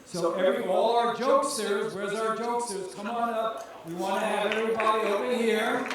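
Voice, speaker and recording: A man's voice: sits high, fairly even intonation, a little fast, recorded from a distance. A man hosting a live contest, chatty and loose as he announces to the room. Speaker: contest host. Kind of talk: emceeing a live event. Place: large hall with audience. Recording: echoey hall from afar, crowd noise. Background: crowd chatter.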